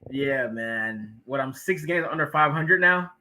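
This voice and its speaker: Bright-voiced laid-back male co-host. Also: mid-range voice, expressive, measured pace, low-quality recording. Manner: laid-back, self-deprecating. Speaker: podcast co-host. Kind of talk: casual sports podcast chat.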